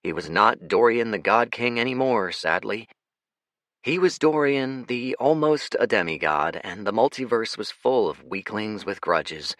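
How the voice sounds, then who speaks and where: A man narrating an audiobook in a dramatic, expressive storytelling manner. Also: fairly low pitch, a little slow, dry recording. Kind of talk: scripted narration.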